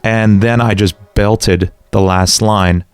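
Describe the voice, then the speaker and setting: A man hosting a music production tutorial, explaining his remake step by step in a relaxed, self-deprecating way with frequent fillers. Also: fairly low pitch, takes it slowly, clean tone, no echo. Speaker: music producer and channel host.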